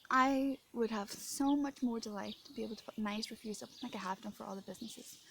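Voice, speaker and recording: Outdoors in rural France, with birdsong behind her, an Irish woman vlogs to camera while shaken and upset, venting indignantly, rambling, and sometimes sinking to a whisper. Her voice sits on the high side with a steady tone, brisk pace, creak, and a slight brightness, and there's a little hiss or hum.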